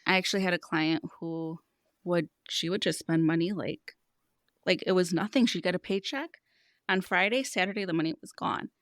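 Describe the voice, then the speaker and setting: A woman's voice: fairly low pitch, normal speed, fairly bright tone, dry recording, studio quality. A woman in her thirties, a money coach speaking as a podcast guest, telling stories in an earnest, explanatory way. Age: 30s. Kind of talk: casual podcast conversation.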